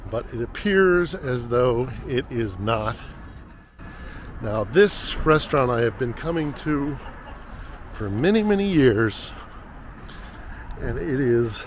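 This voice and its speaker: A middle-aged vlogger and reporter narrates a walking vlog through city streets and a market, speaking reflectively and conversationally as he thinks aloud in a mid-range voice. The outdoor recording is noisy, full of traffic and street sounds.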